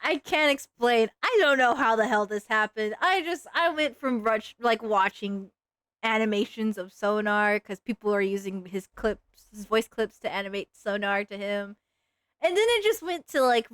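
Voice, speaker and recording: A woman chats loosely on a livestream while drawing, filling her talk with "like" as she rambles. Her voice sits a bit high and comes through smooth and clear. The sound is dry and close, with no room echo. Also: expressive, unhurried, a bit bright. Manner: rambling, lots of "like" fillers. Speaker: streamer.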